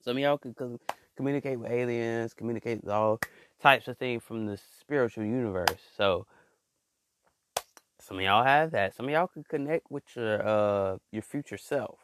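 A man's voice: medium pitch, moderate pace, a bit bright, slight background noise. A man vlogging in a casual monologue who stammers and repeats words, talks in slang and calls his listeners y'all and bro.

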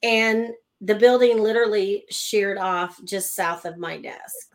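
Laughing between lines and clearly animated, a middle-aged Oklahoma woman shares her personal story in conversation. She speaks a little slowly in a mid-range voice, and the audio is poor.

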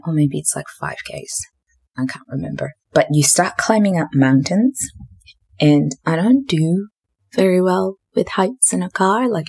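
A woman's voice: low voice, a little mellow. A young woman hosting her own podcast, telling a story in a chatty, dramatic way full of fillers. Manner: chatty, filler-heavy, self-described dramatic. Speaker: podcast host. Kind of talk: casual storytelling.

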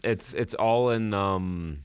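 A man's voice: on the low side, takes it slowly, clean tone, dry recording. A man co-hosting a podcast, chatting casually, reading a synopsis aloud and joking with crude language. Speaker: podcast co-host. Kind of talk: casual chat.

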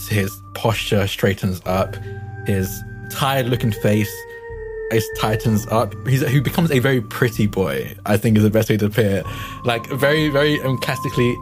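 A man with a lowish voice chats about his character's transformation while playing a tabletop game, laughing and searching for words.

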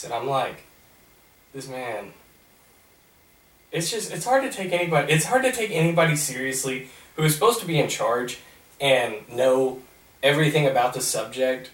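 Young man telling a rambling story. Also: medium pitch. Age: young adult. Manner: rambling, animated retelling. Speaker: podcast host. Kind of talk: casual storytelling. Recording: roomy, mic at a distance.

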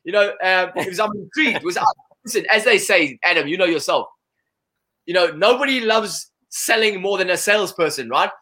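A man chatting as an interview guest, his words tumbling out at a quick clip. His voice is bright and sits a little high. He talks with loose, restless energy. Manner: energetic, repeats "you know" often. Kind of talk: casual conversational interview.

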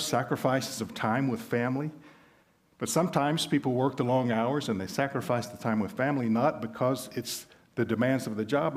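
Conversational Southern preacher man. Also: mid-range voice. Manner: conversational preaching with illustrative stories. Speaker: pastor. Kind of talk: sermon.

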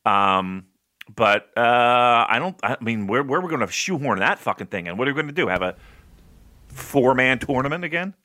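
A man's voice: medium pitch, animated, normal speed, sharp tone. A man hosting a casual podcast chat, loose and joking, who swears freely and laughs often. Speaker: podcast host.

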